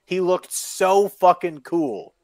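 A man's voice: sits high, fairly even intonation, slow pace, dry recording. A male co-host in casual chat, rambling, amused and swearing constantly.

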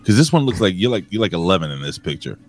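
A man co-hosting a casual podcast, joking loudly and giving shout-outs to viewers in the chat. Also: low voice, sing-song, very fast. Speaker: co-host.

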